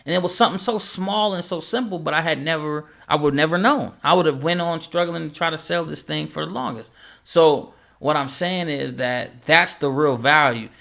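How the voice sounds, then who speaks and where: A man's voice: a little high, moderate pace, gravelly. A man, a music producer who coaches other producers, talking casually and with energy and acting out quoted advice. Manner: animated, acts out quoted dialogue, repeats phrases. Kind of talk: casual motivational talk to camera.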